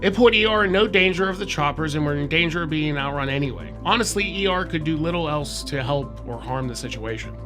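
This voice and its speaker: A man's voice: fairly high pitch, expressive, fairly quick, few pauses, over music. A man co-hosting a podcast, reading a horror file aloud in a casual, chatty way. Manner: casual, swears, laughs between read passages. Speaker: podcast co-host.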